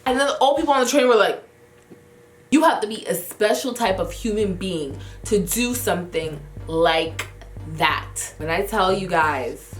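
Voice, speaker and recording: Slangy young woman telling a story in an echoey room. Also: fairly low pitch. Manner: animated, slangy storytelling with acted-out reactions. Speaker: beauty vlogger. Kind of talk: casual storytelling vlog. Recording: roomy echo with faint music.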